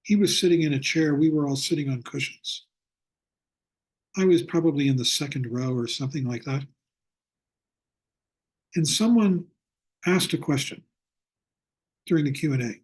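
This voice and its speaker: An older man teaching a Buddhist class over a video call, speaking in a reflective way and slowing down to stress his points. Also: fairly high pitch, darkish tone, slightly rough. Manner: reflective, slows down for emphasis. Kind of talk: online lecture with storytelling.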